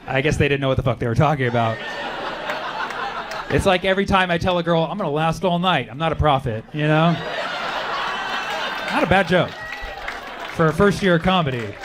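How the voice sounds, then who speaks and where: A man doing a brash, animated stand-up set with crowd work on a comedy club stage. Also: a little high, a little fast, long pauses, background noise. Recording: live club recording with loud crowd. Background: audience laughter.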